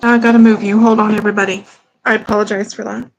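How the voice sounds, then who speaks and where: A woman's voice: medium pitch, little pitch movement, quick pace, creaky, highs cut off, slight background noise. A woman hosting a livestream from her bedroom, apologizing and greeting viewers by name. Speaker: livestream host. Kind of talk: casual livestream chat. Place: home bedroom, at a computer. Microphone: computer mic.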